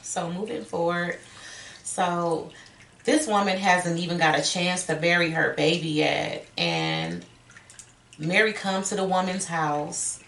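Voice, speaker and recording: A woman telling a true-crime story casually, as if to a friend, and slipping into quick impressions of the people in it. Her pitch sits in a middle range. The room adds a clear echo and a faint hiss. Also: fairly bright tone. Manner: chatty, acts out quotes.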